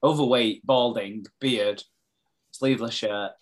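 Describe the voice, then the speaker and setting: A man's voice: mid-range voice, steady tone, slow. A man with a mid-range voice, chatting casually on a podcast. He jumps in with dry, jokey asides and takes over the story in stretches. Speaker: podcast co-host. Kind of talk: casual chat recapping a soap.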